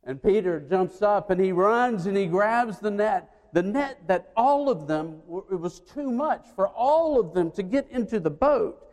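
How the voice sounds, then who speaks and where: A man preaching a sermon, retelling a story and acting out the voices, swinging between loud and hushed. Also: high-pitched, lively intonation, a little slow, hardly any pauses. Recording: long hall reverb.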